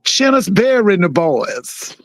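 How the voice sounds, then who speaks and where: A man's voice: high voice, sing-song, measured pace, fairly bright tone, no room sound, rough recording. A man co-hosting a casual sports podcast, laid-back and playful, repeating himself as he goes. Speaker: podcast co-host.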